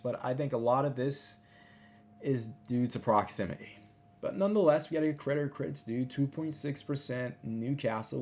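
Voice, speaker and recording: A man hosting a casual livestream, talking over a map and reading out numbers, excitable and often repeating himself. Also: medium pitch. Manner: excitable, exclamatory, repeats phrases. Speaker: livestream host.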